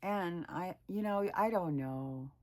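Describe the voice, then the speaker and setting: A woman's voice: lowish voice, takes it slowly. A woman in her sixties talking candidly in a personal vlog, reflective and rambling, sometimes dropping to a whisper. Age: 60s. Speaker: weight loss vlogger.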